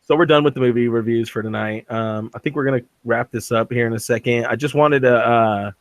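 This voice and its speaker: A man's voice: mid-range voice, steady tone, a little fast, no room sound. A man hosting a podcast, reviewing a movie in casual chat and often laughing as he acts out scenes. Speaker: podcast host.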